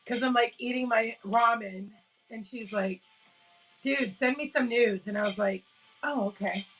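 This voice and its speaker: A woman's voice: a little high, measured pace, a bit bright, husky, faint music behind, poor audio. A woman hosting a casual live stream from home, telling stories with lots of laughs and greeting her chat. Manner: chatty storyteller, laughs often, greets chat. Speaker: livestream host.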